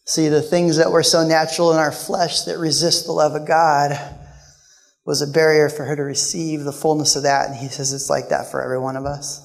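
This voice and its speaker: Male guest preacher, emotional storyteller, voice sits a touch high, reverb from a big hall. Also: level tone, a little fast, vocal fry. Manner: storytelling, emotional, shifts between loud and hushed. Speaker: guest speaker. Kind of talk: sermon.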